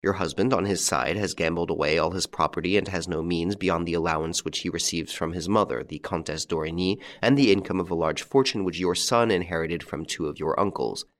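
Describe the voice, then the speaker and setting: A man playing a calm, masterful gentleman rescuer, courteous and commanding. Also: low voice, brisk, hardly any pauses. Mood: probing.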